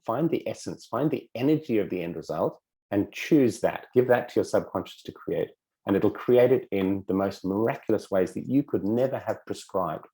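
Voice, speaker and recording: A man with a low, mellow voice teaches in a relaxed, conversational way. He acts out small dialogues in shifting voices and swears casually now and then. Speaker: self-help coach.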